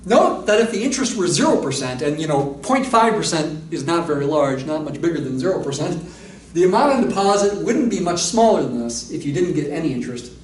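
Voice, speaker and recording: A man's voice: fairly high pitch, animated, brisk, a little mellow, recorded from a distance, a little hiss or hum. A man lecturing on mathematics, explaining step by step and thinking aloud with asides. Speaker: math lecturer. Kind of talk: recorded university lecture. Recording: echoey room, voice a little off-mic.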